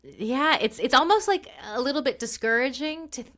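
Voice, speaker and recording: A woman hosting a podcast interview, reflecting out loud with a few fillers as she responds to her guest. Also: high voice, lively intonation, normal speed. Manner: reflective, thinks aloud with fillers. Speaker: podcast host. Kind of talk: conversational interview.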